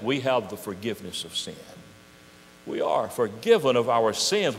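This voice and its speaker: A man's voice: medium pitch, a little hiss or hum. An older man preaching a sermon, emphatic and full of rhetorical questions. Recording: echoey hall.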